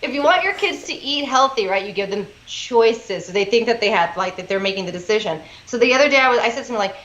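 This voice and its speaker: A woman from the Rio Grande Valley of Texas, a news correspondent chatting casually as a podcast guest, laughing and poking fun at herself as she tells quick stories. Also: medium pitch, expressive, fairly bright tone, echoey room, lo-fi sound. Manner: laughing, self-deprecating, quick storytelling.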